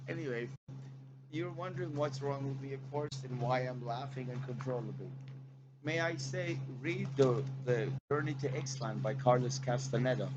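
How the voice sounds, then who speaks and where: A man's voice: medium pitch, lo-fi sound, background noise. A man vlogging on a city bus, rambling and profane, trailing off into asides and laughter. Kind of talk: rambling monologue to camera.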